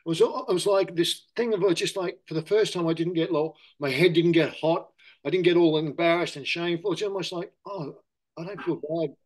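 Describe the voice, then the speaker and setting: A man's voice: a little high, fairly even intonation, a little fast. A middle-aged Australian man in casual candid conversation, rambling and correcting himself, often saying mate. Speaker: interview guest.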